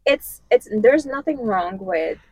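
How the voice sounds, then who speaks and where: A woman's voice: a little high, lively intonation, slow, a little mellow, no room sound, lo-fi sound. A woman co-hosting a podcast in casual chat, earnest and explaining at length. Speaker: podcast co-host.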